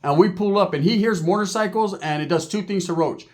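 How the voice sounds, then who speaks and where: A man telling a story in a casual, animated and profane streetwise way. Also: high-pitched, fairly quick.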